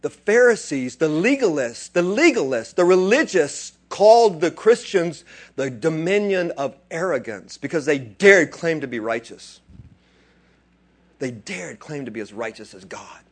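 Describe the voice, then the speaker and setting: A man preaching a sermon, dropping to quiet asides and then rising into loud, excited bursts. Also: a little high, unhurried. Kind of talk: animated sermon.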